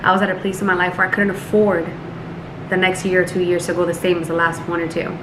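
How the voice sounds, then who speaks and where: A woman's voice: on the low side, monotone, quick pace, noisy background. Upbeat chatty woman, roomy echo. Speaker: network marketing team leader. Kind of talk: casual coaching vlog. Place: Miami.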